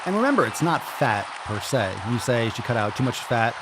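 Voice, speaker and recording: A man hosts a live podcast stream and reads viewer comments aloud. He swears freely and hypes things up, with a sarcastic edge. His voice sits at an ordinary middle pitch. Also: sing-song, brisk, crowd noise, noisy background. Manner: profane, hyped-up, sarcastic. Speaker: podcast host.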